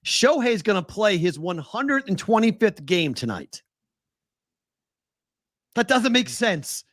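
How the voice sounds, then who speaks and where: Animated man talking sports odds. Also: high voice, takes it slowly, no echo. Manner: animated, incredulous, stat-heavy. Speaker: sports betting show host. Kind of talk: casual sports betting chat.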